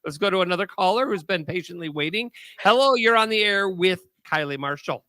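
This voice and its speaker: A man's voice: sits high, lively intonation, fairly quick, pushed and bright, no echo. A man co-hosting a talk show, taking callers and moving the conversation along in an upbeat way. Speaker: co-host taking calls. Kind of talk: radio-style show hosting.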